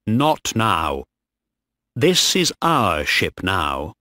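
A man's voice: deep voice, big pitch swings, very slow, sharp tone, no room sound, clean studio sound, exaggerated voice. A man voicing a desperate young male ship officer in a storybook reading. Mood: cold.

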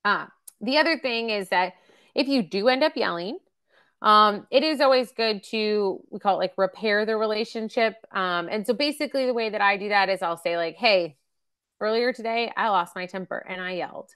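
A woman's voice: medium pitch, moderate pace, a bit bright, clean tone. A woman in her thirties or forties presenting a parenting webcast, talking casually with lots of fillers and acted-out examples. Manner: chatty, with many fillers and acted-out example quotes. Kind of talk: casual teaching talk.

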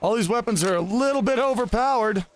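A man's voice: very high-pitched, brisk, a little hiss or hum. A man giving casual, rambling commentary on his own gameplay, chatting aloud to the enemies he fights. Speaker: gaming host.

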